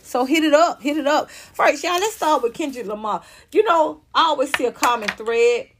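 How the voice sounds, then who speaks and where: A woman's voice: sits high, normal speed, a little hiss or hum. Brash, profane woman gossiping animatedly. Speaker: channel host. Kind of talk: casual celebrity gossip commentary.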